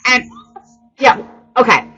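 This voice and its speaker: A woman's voice: a little high, slow, fairly bright tone, breathy edge, dull audio, faint music behind. Chatty woman telling a story. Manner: chatty, rambling. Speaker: show guest. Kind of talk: casual anecdote.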